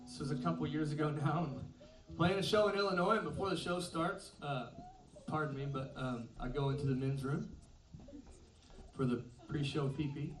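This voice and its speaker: A man's voice: fairly high pitch, fairly even intonation, normal speed, recorded from a distance. A man in his thirties, a band's singer, telling a self-deprecating story between songs at a concert, laughing often. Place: concert venue with an audience. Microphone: stage microphone through a PA. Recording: roomy concert sound from afar, music behind. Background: live band music.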